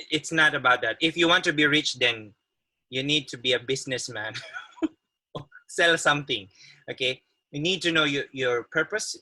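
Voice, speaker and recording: Man speaker on a video call, very bright tense voice, friendly, laughs a lot, restarts his sentences. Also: medium pitch, poor audio. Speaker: guest speaker, occupational therapist. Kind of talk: webinar presentation.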